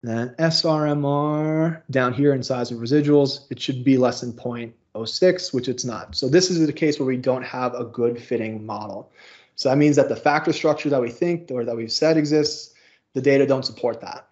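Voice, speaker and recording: A man's voice: mid-range voice, moderate pace, a little mellow, muffled recording. A male instructor giving a casual, explanatory recorded lecture walkthrough with informal asides.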